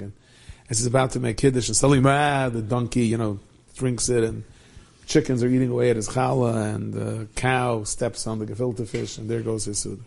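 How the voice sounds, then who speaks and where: Dark-voiced man telling a story. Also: lowish voice, vocal fry. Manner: animated storyteller, Yiddish and Hebrew words. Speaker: rabbi and storyteller. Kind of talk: storytelling talk.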